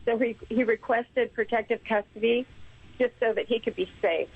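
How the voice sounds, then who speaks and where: A woman's voice: on the high side, steady tone, normal speed, vocal fry, slightly rough. Polite woman caller on a tinny phone line. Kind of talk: call-in phone conversation.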